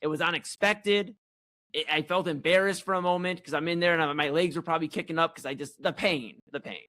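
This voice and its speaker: A young man co-hosting a comedy chat show, telling a story in a rambling, animated, self-mocking way. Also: a little high, fast talker. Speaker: co-host.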